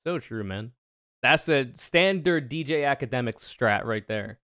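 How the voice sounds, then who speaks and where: A man's voice: medium pitch, unhurried, dry recording, studio quality. Sarcastic, profane male streamer. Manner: profane, sarcastic, animated ranting. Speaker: streamer reacting to debate clips. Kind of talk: casual reaction commentary.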